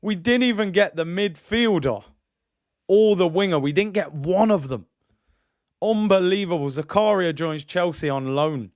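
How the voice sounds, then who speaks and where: A fed-up man vents on a football livestream, firing question after question at the club. His voice sits fairly high and sounds close and dry, with no room around it. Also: unhurried, a little mellow, no echo. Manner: frustrated, rhetorical questions, reads out viewer comments. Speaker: football channel host. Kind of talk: livestream fan rant.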